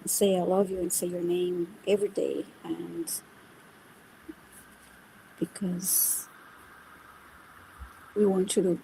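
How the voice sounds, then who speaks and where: A woman's voice: lowish voice, level tone, takes it slowly, gravelly, pauses often, noisy background. A woman guest giving a live spiritual reading, earnest and encouraging, often repeating words as she restarts a thought.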